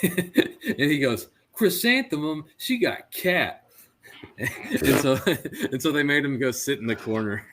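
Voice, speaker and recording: Laughing, animated male podcast host. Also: mid-range voice. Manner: animated storyteller, quick to laugh, many "like" fillers. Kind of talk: casual chat.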